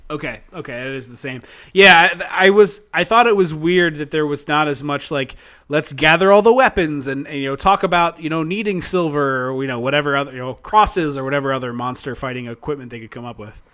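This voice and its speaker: A man's voice: a little high, fast, hardly any pauses, pushed and bright, smooth. A man co-hosting a podcast, chatting enthusiastically about a film with lots of fillers and restarts. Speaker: podcast co-host. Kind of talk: casual chat, film review.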